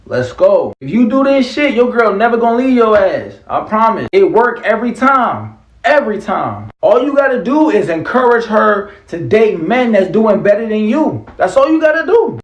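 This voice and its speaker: Cocky slangy man, comic skit, very high voice, echoey and dull sound. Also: big pitch swings, normal speed.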